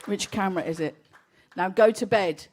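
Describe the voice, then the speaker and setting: A woman's voice: medium pitch, normal speed, a little hiss or hum. A woman, a singer-songwriter chatting wryly with a festival crowd between songs in a live music set. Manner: wry, self-deprecating storytelling between songs. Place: outdoor festival stage. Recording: loud live music behind the voice.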